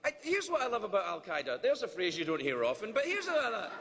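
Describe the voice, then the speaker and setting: Scottish man doing lively stand-up. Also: sits high, a little hiss or hum. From Scotland. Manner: brisk, teasing, mock-indignant delivery. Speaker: comedian headlining a formal dinner. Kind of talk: stand-up monologue. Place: large banquet hall. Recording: long reverb of a large banquet hall.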